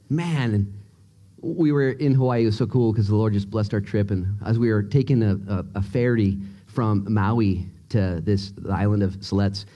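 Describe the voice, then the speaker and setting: A male pastor preaching a sermon in a church, joking and excitable as he tells stories. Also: fairly low pitch. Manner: animated, joking, excitable storyteller. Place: church sanctuary.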